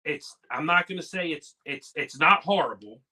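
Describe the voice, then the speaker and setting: A man's voice: on the high side, animated, moderate pace, pushed and bright. A man guest on a live tasting stream, hesitant and dryly joking. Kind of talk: casual tasting chat.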